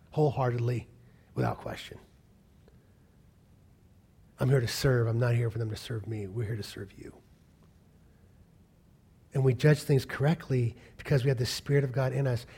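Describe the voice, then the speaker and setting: A male pastor preaches passionately, swelling to loud peaks and sinking to hushed whispers. His voice is mid-range with a breathy edge.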